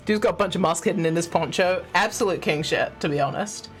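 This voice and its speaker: A woman's voice: on the low side, fast, hardly any pauses, soft background music. Sweary, chatty woman streamer. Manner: sweary, chatty, laughing asides. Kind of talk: casual gaming stream commentary.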